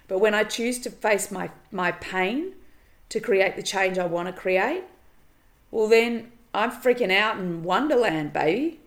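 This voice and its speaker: Woman podcast coach, mid-pitched and gravelly, earnest and emphatic. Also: expressive, unhurried. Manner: earnest, emphatic, repeats phrases, swears casually. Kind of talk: solo motivational podcast monologue.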